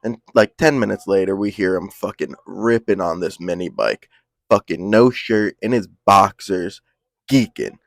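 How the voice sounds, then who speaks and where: A man's voice: low-pitched, expressive, measured pace, vocal fry, no echo, studio quality. A young man telling a casual story, full of slang and swearing, rambling along. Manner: profane, slang-heavy, rambling.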